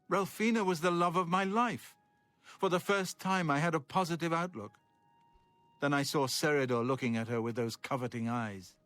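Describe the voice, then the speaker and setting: A man's voice: on the high side, a bit bright, no echo, natural voice. A man voicing a jittery recluse accused of vampirism. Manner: indignant, then apologetic and pleading. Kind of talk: video game character dialogue. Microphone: studio voice recording.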